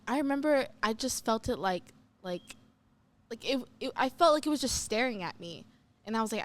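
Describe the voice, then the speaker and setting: Young woman co-host, relaxed storyteller who acts out lines; slightly high voice. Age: young adult. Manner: animated, acts out what she said and heard, many "like" fillers. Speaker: youth podcast co-host. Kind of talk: casual storytelling chat.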